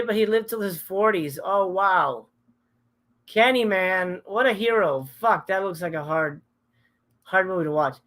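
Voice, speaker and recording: A man's voice: high-pitched, a bit bright. A middle-aged man hosting a live stream in casual chat, reading out viewer comments. He talks candidly and emotionally, swears often, and trails off and restarts his sentences.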